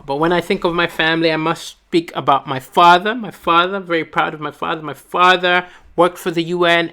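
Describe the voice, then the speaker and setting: A woman from Malawi performs a stand-up set from her home. She tells her stories in a quick, animated way, with frequent asides. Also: fairly low pitch. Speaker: stand-up comedian. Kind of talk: stand-up comedy. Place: at home, alone.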